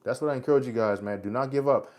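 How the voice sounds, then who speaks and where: A man's voice: mid-range voice, rapid-fire, darkish tone. A man in his forties hosting a casual live chat. He answers viewers' comments bluntly and preaches at them, calling them "bro" and "man" in American street talk. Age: 40s. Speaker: livestream host.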